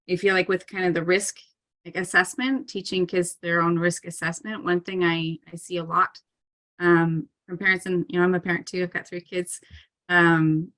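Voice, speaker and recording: A woman's voice: fairly low pitch, pushed and bright. A woman talking as a parkour coach in a casual interview, earnest and chatty, with frequent "um" and "like" fillers and light laughs.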